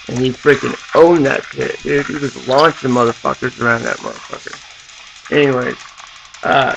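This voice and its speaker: A young man from Southern California rants to his own camera, profane and rambling, with "you know" and "dude" everywhere. His voice sits at an ordinary middle pitch with a rough, gravelly edge. A loud sizzling hiss runs under the camera-mic recording. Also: poor audio. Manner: profane, rambling, full of fillers. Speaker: vlogger. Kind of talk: casual rant to camera.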